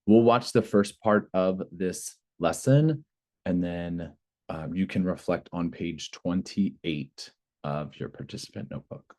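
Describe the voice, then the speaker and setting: A man's voice: sits low, takes it slowly, darkish tone. A man presenting a teacher training session, explaining a lesson video with a few fillers.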